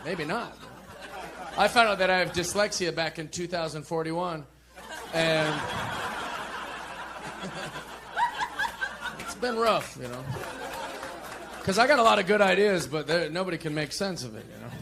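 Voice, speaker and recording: A man's voice: high-pitched, unhurried, pauses often. Self-deprecating comic in his forties. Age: 40s. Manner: self-deprecating, deadpan setups with shouted punchlines. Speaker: stand-up comedian. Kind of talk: stand-up routine. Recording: comedy club with crowd laughter and noise.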